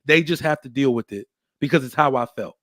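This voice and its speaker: Male podcast host, lively storyteller, dry close mic. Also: mid-range voice, fairly quick, no echo. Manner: animated storyteller, acts out quotes. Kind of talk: casual chat.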